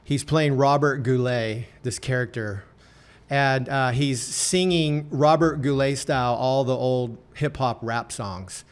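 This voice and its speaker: A man's voice: medium pitch, takes it slowly, clear, resonant tone. A man hosting a podcast, chatty and prone to restarting sentences as he tells stories. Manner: chatty, laughs while telling stories, self-interrupting. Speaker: podcast host. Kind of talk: podcast conversation.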